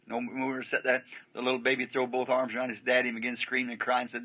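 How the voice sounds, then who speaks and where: A man's voice: medium pitch, monotone, racing, hardly any pauses. A man preaching a sermon, telling a story in a folksy, rambling way and often breaking in with "see?". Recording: dull lo-fi archival sermon tape.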